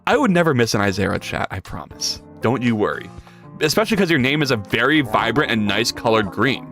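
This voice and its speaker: Animated, jokey male livestreamer. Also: mid-range voice, brisk, faint music behind. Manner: animated, jokey, reads chat aloud and rambles. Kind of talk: casual livestream chat while coding.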